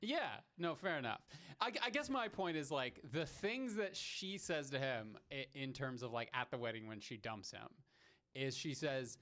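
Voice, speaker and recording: A man co-hosting a podcast in casual chat, animated and laughing often. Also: mid-range voice, normal speed. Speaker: podcast co-host.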